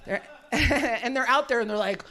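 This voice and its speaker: A brash, bawdy woman works through a live stand-up set, breaking into laughs as she goes. Her voice sits a little high for a woman, and she is recorded in a small studio venue set up in a warehouse. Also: normal speed, pushed and bright. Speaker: stand-up comedian.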